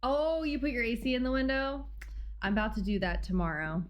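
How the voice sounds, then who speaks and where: A woman's voice: on the high side, fairly quick, highs cut off. A woman livestreaming from her home, chatting casually with her viewers in a bubbly, talkative way and laughing often. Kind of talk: casual chat with live viewers.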